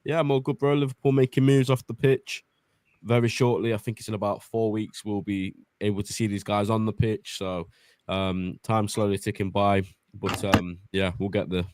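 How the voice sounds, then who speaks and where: A man's voice: on the low side, little pitch movement, normal speed, darkish tone, clean tone. A man, a guest panelist on a casual chat, laid-back and hesitant with frequent ums.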